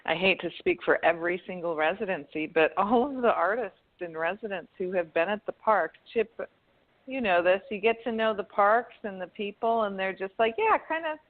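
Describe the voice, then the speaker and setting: Woman guest, thoughtful, lots of ums and pauses, tinny phone sound. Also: mid-range voice. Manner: thoughtful, hesitant, many ums. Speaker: arts foundation founder, guest. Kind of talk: conversational interview.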